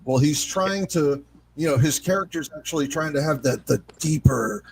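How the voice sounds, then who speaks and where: A man talks through his opinions in a relaxed podcast chat, explaining his points at length and swearing now and then. His voice sits a little high. Faint noise hums in the background. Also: normal speed, gravelly, rough recording.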